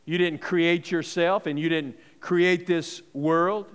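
High-voiced preacher in a reverberant hall. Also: male voice, steady tone, takes it slowly, clear, resonant tone. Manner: conversational preaching with rhetorical questions. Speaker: pastor. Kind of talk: sermon.

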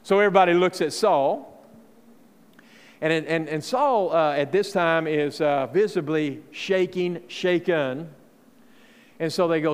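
A pastor with a slightly high, clear, resonant voice preaches a sermon a little slowly. He tells the story in a folksy way, acting out the characters' voices and using many fillers, with long hall reverb on the recording.

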